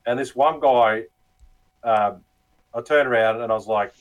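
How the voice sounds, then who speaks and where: Laughing, crude Australian bloke. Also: male voice, mid-range voice, unhurried, long pauses, rough recording. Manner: crude, laughing, mimics callers. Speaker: guest. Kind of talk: casual storytelling chat.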